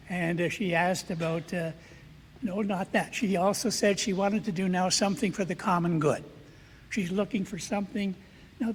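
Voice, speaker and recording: An older man, a Jesuit priest, giving an anecdotal acceptance speech and acting out the dialogue in his stories. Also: high-pitched. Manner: storytelling, acting out quoted dialogue. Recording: reverberant hall, faint background noise.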